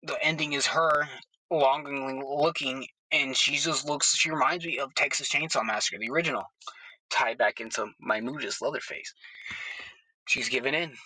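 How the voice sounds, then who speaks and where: A man's voice: mid-range voice, moderate pace, sharp tone, no room sound, rough recording. A man in a casual, blunt and profane vlog monologue, recorded on a phone inside his car. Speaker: horror movie vlogger. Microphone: phone held away from the mouth.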